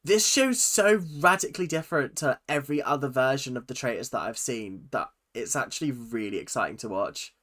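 A YouTube host giving casual, animated reaction commentary with frequent laughs and exclamations. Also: mid-range voice, brisk, few pauses.

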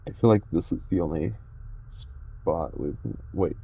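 Gravelly man mumbling game commentary. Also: deep voice, unhurried, mellow, highs cut off. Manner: casual, muttering to himself. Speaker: gaming youtuber. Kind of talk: let's play commentary.

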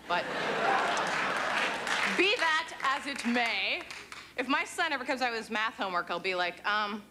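A woman's voice: on the high side, lively intonation, moderate pace. Sardonic young woman doing stand-up. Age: 20s. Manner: sardonic, self-deprecating, playful asides. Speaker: stand-up comedian. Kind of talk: stand-up comedy set. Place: comedy club stage with live audience. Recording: TV broadcast with crowd laughter and noise. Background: audience laughing.

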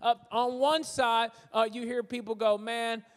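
A high-pitched man delivers a lively, joking sermon, slipping into the voices of different churchgoers as he talks. His voice rings out with the long reverb of a big church hall. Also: moderate pace. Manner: animated, acts out voices of churchgoers, jokey asides. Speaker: guest preacher. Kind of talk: humorous conversational sermon. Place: large church sanctuary.

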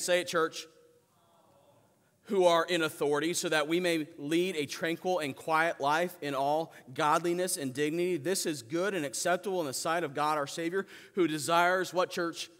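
Preaching man in a reverberant church. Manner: preaches with call-and-response to the congregation; swings between loud emphatic peaks and soft low asides. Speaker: pastor. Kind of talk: sermon. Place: church sanctuary.

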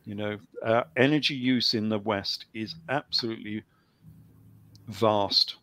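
A man's voice: lowish voice, fairly even intonation, measured pace, sharp tone, no room sound. Guy rambling on a video call, lots of ums, dry humor, dead dry sound. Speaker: guest author. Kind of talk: call-in show conversation.

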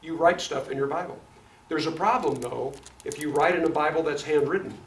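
Midwestern man, Bible study teacher, fairly high voice, echoey room, heard from a distance, faint background noise. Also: brisk. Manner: lively, asks the class questions, laughs often. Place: classroom. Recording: echoey classroom from far off, noisy.

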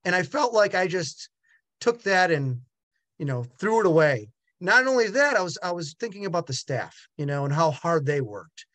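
Animated, halting male storyteller. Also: high-pitched, no room sound. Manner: animated, acts out other voices in quotes; halting with repeated restarts. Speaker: gallery owner and art dealer. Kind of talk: personal storytelling.

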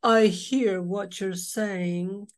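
A woman voicing a gloomy, sulky male fish in a storybook, chanting his rhyme slowly and a little louder and higher. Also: fairly even intonation. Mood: glum chant. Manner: slow rhyming chant, louder and drawn out.

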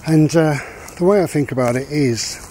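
A vlogger walking his dog outdoors offers life advice in a casual, rambling monologue, reflecting aloud and repeating his key points. His voice sits on the high side with a dark tone at normal speed, and there's slight background noise.

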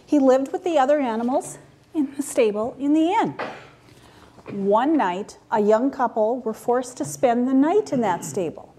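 Animated woman telling children a story. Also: on the high side, a little hiss or hum. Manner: animated, asks children questions.

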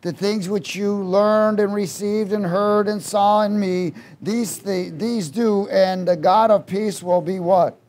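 A man preaching a sermon, quizzing the congregation and swinging between loud exhortation and quiet asides. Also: high voice, steady tone, slow pace, hardly any pauses.

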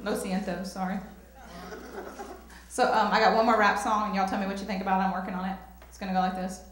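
Fast and flat in delivery, with a mid-range voice, a young woman with a Southern US country accent runs through a self-mocking stand-up set. She drawls into a handheld mic in an echoey comedy club and throws in shouted rap bits.

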